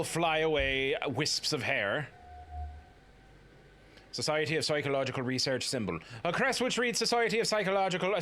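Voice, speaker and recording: Cheeky, lively male gameplay host. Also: medium pitch, slight background noise. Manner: playful, cheeky, swears. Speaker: let's play host. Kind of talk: gameplay commentary.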